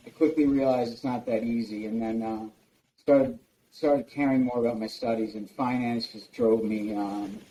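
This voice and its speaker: A man's voice: mid-range voice, fairly even intonation, moderate pace, mellow, lo-fi sound, a little hiss or hum. Casual, profane man telling stories. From United States, New Jersey. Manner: loose, profane storytelling with many fillers. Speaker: guest. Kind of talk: casual interview chat.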